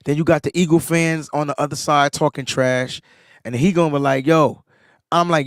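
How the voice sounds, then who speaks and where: Sounding a touch sick, this podcast co-host narrates a sports story in casual chat at a moderate pace, becoming animated and higher-pitched in excited moments. The studio-quality audio carries no room sound.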